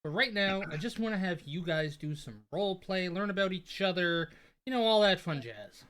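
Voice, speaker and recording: A man's voice: sits high, animated, normal speed, a bit bright, slight background noise. Laid-back man running a tabletop game. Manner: laughing, easygoing. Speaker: game master.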